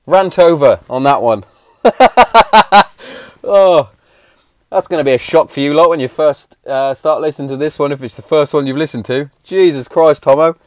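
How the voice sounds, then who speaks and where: A man's voice: mid-range voice, steady tone, fast talker, few pauses, a little mellow, no echo. Man, 30s, podcast host, blunt, sweary, heated rant, dry close sound.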